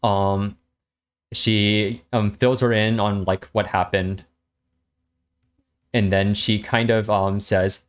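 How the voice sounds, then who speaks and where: A man reading a story aloud and summarizing it in a relaxed way, with lots of fillers. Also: fairly low pitch, drawn-out words, long pauses, clean tone. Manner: relaxed, hesitant with many fillers. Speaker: host reading a web serial aloud.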